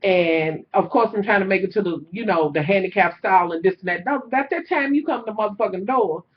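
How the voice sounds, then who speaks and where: A woman vlogger telling a story to her viewers in a casual, animated, profane way, talking straight at them. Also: medium pitch, a little fast, lo-fi sound, slight background noise.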